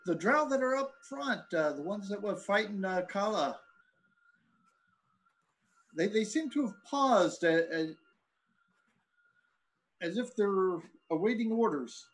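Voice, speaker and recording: A man narrating a tabletop role-playing game as game master, relaxed and thinking aloud with fillers. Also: high-pitched, takes it slowly, long pauses, poor audio.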